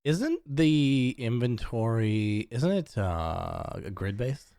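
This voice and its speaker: Woman, strikingly deep voice, dry-miked, teasing podcast co-host. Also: very animated, very slow, dark tone, dry recording. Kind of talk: casual gaming chat.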